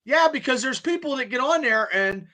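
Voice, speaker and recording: A man's voice: very high-pitched, animated, moderate pace, crowd noise. A man hosting a podcast in casual chat, rambling and stammering as he repeats words. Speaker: podcast host.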